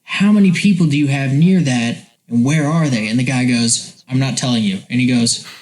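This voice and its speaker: Young podcast guy chatting, tells stories loud and jokey, keeps laughing mid line. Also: mid-range voice, normal speed, poor audio. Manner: animated storytelling, laughing, doing movie lines. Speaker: podcast co-host. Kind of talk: casual chat.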